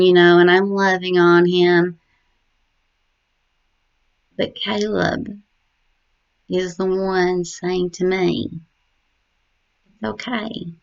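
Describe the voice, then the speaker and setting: A middle-aged mother recalls her late son in a tender, halting way, full of pauses and fillers. Her voice sits a little low and has a gravelly edge, and she takes her time. The recording sounds dull and lo-fi. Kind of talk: personal memorial reflection.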